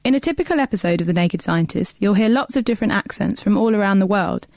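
A woman hosting a radio science show, reading scripted links in a crisp way. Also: mid-range voice, lively intonation, fast, darkish tone, no echo. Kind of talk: scripted presenting.

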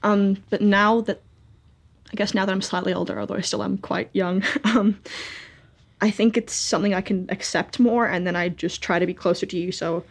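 Breathy young New woman. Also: medium pitch, fairly even intonation, moderate pace. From New Zealand. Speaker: daughter of the guests. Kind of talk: reflective family conversation.

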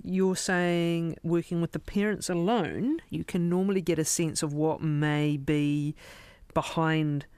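A man's voice: a little high, steady tone, unhurried, a little mellow, clean tone, no room sound. A man interviewing a guest, restating her points before asking probing questions.

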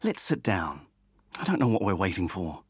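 A man's voice: deep voice, sing-song, normal speed, slightly rough, dry recording, clean studio sound, heavily acted. A man voicing a curt, impatient middle-aged mother in an audiobook. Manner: sharp, curt.

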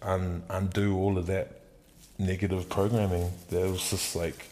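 A man's voice: low voice, little pitch movement, unhurried, background noise. A man in his forties talking candidly in a casual podcast conversation, rambling with lots of fillers and swearing freely. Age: 40s.

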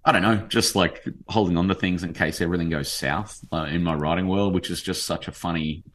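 Aussie guy in his 40s, really low voice, rambly animated storyteller. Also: fairly quick. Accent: Australian. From Australia. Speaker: novelist guest. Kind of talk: casual interview chat.

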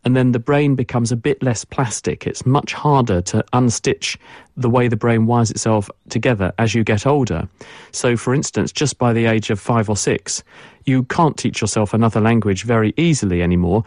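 A man's voice: mid-range voice, normal speed, darkish tone, no room sound, clean studio sound. A man, a science expert guest on a radio show, explaining fluently and repeating words for emphasis.

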